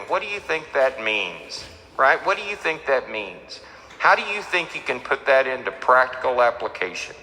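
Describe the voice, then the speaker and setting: A man's voice: medium pitch, bright, forceful tone. A middle-aged man from Texas, speaking at a recovery meeting, telling his story with repeated phrases and acted-out voices of the people in it. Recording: echoey hall.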